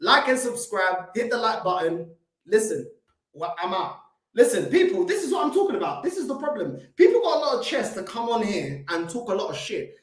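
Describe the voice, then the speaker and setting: A man's voice: high-pitched, very animated, brisk. Fired-up London man ranting, echoey room. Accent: London English. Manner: confrontational, swearing, repeats himself. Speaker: fan channel host. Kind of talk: heated live-stream rant.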